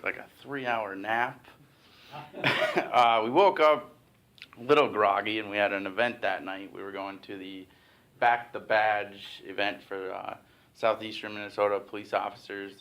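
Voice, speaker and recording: A man from Illinois with a somewhat low voice tells a funny personal anecdote to a club audience. His delivery is conversational and self-deprecating, full of little fillers and asides, in a meeting room. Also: fairly bright tone. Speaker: humor master giving a club speech. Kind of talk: comic storytelling speech.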